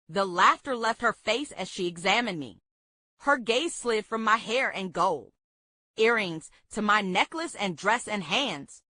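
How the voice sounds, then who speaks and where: A woman's voice: medium pitch, dry recording. Woman reading a memoir aloud. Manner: steady, measured reading. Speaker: book club reader.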